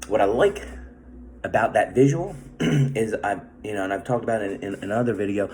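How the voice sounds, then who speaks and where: A man's voice: fairly low pitch, fairly quick, a little mellow, slight background noise. A man talking in a casual, rambling vlog monologue, swearing often and tagging sentences with questions. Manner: rambling, profane, constant tag questions. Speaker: vlogger.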